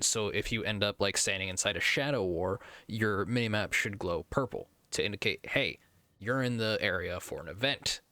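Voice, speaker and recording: A man's voice: fairly low pitch, a bit bright, dry recording. An American man streaming a game, rambling and thinking aloud in casual commentary. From United States.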